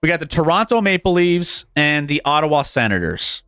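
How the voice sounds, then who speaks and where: A lively man hosting a sports betting stream, his voice on the higher side and swinging up and down as he talks. He chuckles a lot and trips over his words before pressing on. The sound is dry and close, with faint music underneath. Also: normal speed, smooth, no room sound. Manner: animated, chuckles often, stumbles and restarts. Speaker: sports betting show host. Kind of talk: casual sports talk on a live stream.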